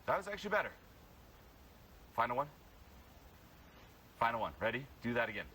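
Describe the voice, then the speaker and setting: A man coaching a live workshop audience, blunt and energetic, breaking into loud yells. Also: mid-range voice, a little fast, long pauses, background noise. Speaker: social confidence coach.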